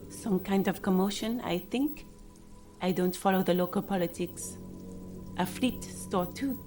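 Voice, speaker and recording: A woman plays a courteous dispatcher in a video game. She gives directions plainly and calmly, with faint game music underneath. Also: lowish voice, close to an everyday voice. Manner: polite and matter-of-fact. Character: polite adult woman dispatcher giving directions.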